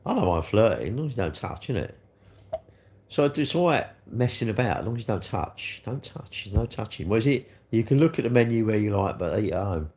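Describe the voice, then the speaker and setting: A man chatting casually with viewers on a livestream, bantering as he reads comments, his throat a little hoarse. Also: lowish voice, sing-song, a little fast, darkish tone. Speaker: livestream host.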